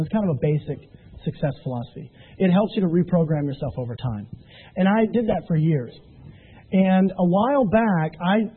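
Casting: motivational trainer, man, high-pitched and husky, animated storyteller, tinny phone-line sound. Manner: animated storytelling with emphatic rising peaks. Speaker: business trainer.

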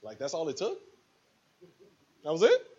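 A man's voice: on the high side, wildly swooping pitch, moderate pace, darkish tone, breathy edge, highs cut off. A man giving a preachy motivational speech to a live audience, acting out little scenes with quoted voices. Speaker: motivational speaker at a business event.

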